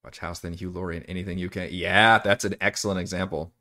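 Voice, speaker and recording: A man's voice: sits low, level tone, fast talker, pushed and bright. A man from Texas, a dungeon master rambling casually through campaign prep on a live stream, restarting sentences and cursing now and then. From Texas, USA.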